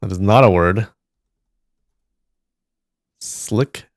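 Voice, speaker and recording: A man streaming live, thinking aloud and slowly sounding out syllables as he works through a word puzzle. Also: lowish voice, dry recording, clean studio sound. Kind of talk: casual muttering while solving a word puzzle.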